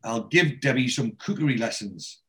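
A man's voice: medium pitch, animated, normal speed, sharp tone. A man quoting a middle-aged sitcom husband who is sheepish and obsessed with football, in his own everyday voice while retelling a scene.

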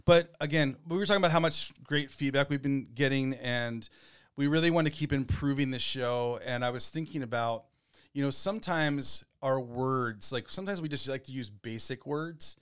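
Man, podcast co-host, smooth resonant voice, casual rambling chat, lots of ums. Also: mid-range voice, moderate pace. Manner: rambling, relaxed, with many fillers.

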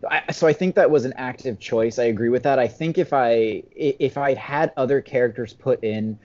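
A man's voice: medium pitch, moderate pace, a little mellow, highs cut off. A man talking through a film as a podcast guest in a rambling, hesitant way, often correcting himself. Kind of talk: casual film discussion.

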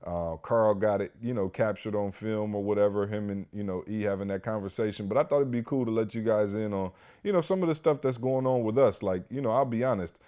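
A man co-hosting a podcast, telling a story in a casual, animated way full of "you know" and "like". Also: fairly low pitch, brisk, hardly any pauses, clear, resonant tone. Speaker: podcast co-host.

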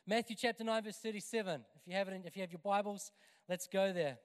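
A man with a high, smooth and resonant voice preaches an energetic sermon to a church congregation. He builds to loud, emphatic passages, and his voice rings through a hall with a long reverb. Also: fast talker. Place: church hall, evening service.

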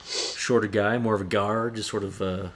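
A man's voice: on the low side, flat delivery, moderate pace, a bit bright. A man in a casual sports chat who hesitates, searches for players' names and trails off mid-sentence. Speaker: podcast co-host.

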